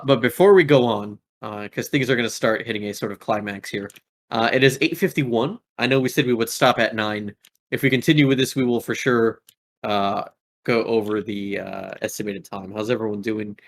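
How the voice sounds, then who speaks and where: A young man running a tabletop game as game master, rambling with many fillers and laughing at his own slips. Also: lowish voice.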